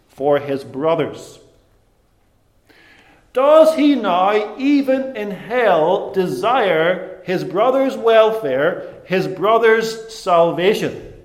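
A man preaching a sermon, deliberate and emphatic, with dramatic pauses. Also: high voice, darkish tone, echoey room.

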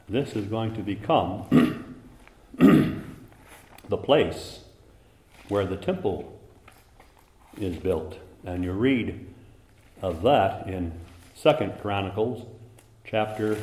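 Deep-voiced preacher in an echoey room. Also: male voice, sing-song, very slow, pauses often. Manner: impassioned, swells to loud emphasis and drops to hushed asides. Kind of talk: sermon.

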